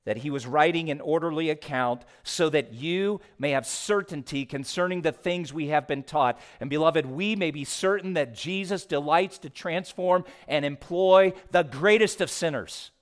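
A male pastor delivers a sermon in a somewhat high voice. He shifts between quiet, low passages and raised, emphatic ones. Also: normal speed, hardly any pauses. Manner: expressive preaching, swinging from hushed to raised.

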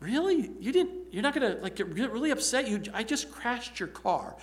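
A man's voice: very high-pitched, very animated, normal speed, pitched above the performer's own voice. A man voicing a frightened teenage daughter who has just crashed her father's car, pleading and incredulous. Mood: anxious disbelief.

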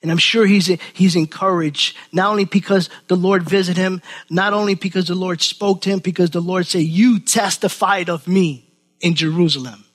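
Animated high-voiced man preaching. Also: normal speed. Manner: animated, acts out quoted voices, repeats words. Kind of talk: sermon.

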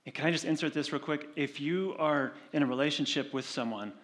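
A male pastor giving a sermon, talking conversationally and slowing down to read scripture. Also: a little high. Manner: conversational preaching with animated retold stories; slows and softens for scripture reading.

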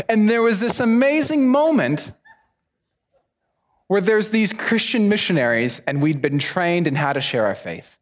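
A young man preaching, telling a personal story with lively acted-out voices. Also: high voice, a little slow. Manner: animated storyteller, acts out voices. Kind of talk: sermon storytelling.

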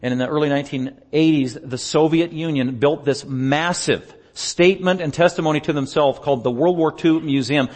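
A male pastor chatting through a slideshow report during a church service, telling stories in an animated way and laughing often. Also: a little high, moderate pace, few pauses. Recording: long reverb of a large hall.

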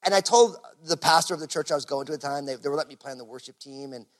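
A man's voice: a little high, very fast. A man preaching a sermon as pastor in a casual, conversational way, full of fillers like "you know". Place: church service.

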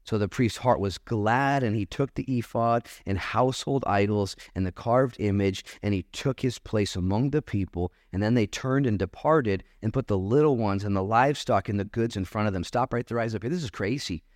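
A man's voice: on the low side, moderate pace, hardly any pauses, no echo, studio quality. Casual, joking male preacher. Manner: casual, joking preacher who reads scripture then riffs. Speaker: pastor. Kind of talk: sermon. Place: church.

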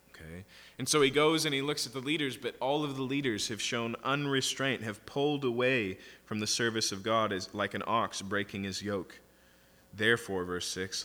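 A man with a lowish but bright, forceful voice teaches through a passage verse by verse. He reads the text and then explains it in plain, conversational terms. His voice rings with the long reverb of a large hall. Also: steady tone, normal speed. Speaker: preacher.

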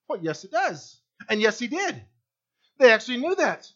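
A man preaching a sermon in a high, lively voice that swings widely as he presses his points. He fires rhetorical questions at his listeners. The recording sounds dull and lo-fi. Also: moderate pace. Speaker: pastor.

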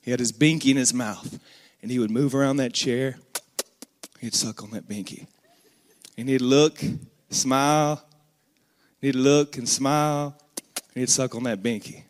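A man's voice: mid-range voice, steady tone, measured pace, long pauses. A man in his thirties preaching a sermon, telling a family story earnestly and rising into emphatic bursts.

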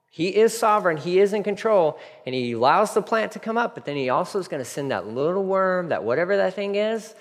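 A man preaching a casual, animated sermon, acting out the people in his story. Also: a little high. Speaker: pastor. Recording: long hall reverb.

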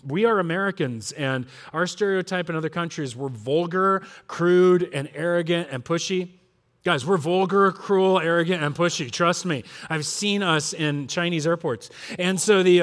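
A middle-aged male pastor from Southern California preaching a sermon, telling stories and acting out family members' voices. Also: high-pitched. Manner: storytelling, animated, acts out voices of family.

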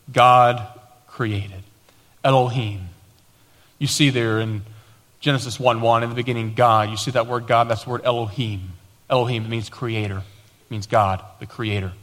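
A man preaching as a pastor, quoting scripture with emphatic repetition and sudden swings between raised declarations and quieter teaching. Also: medium pitch, big-room sound. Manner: preaching with emphatic repetition, dramatic quoted lines. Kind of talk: sermon.

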